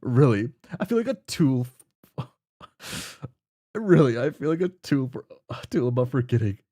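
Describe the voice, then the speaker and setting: A man's voice: medium pitch, big pitch swings, measured pace, dark tone. A man voicing a cheerful, clueless young man who talks in folksy old-fashioned slang while reading a webcomic aloud. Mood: sheepish. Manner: folksy, upbeat, oblivious.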